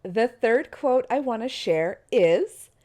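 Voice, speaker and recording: A woman's voice: a little high, animated, slow, dark tone. A woman hosting her own podcast, chatty and encouraging, her voice stuffy and nasal from a cold, recording from bed at home. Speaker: podcast host. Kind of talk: casual solo podcast talk.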